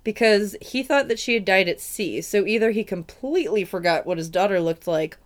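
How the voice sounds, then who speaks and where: A woman podcast co-host telling an old fairy tale in a loose, joking way. She keeps the story moving with irreverent, swearing asides. Her voice sits at an ordinary middle pitch for a woman. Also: expressive. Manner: irreverent retelling with quick put-on voices for characters. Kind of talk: casual comedic storytelling.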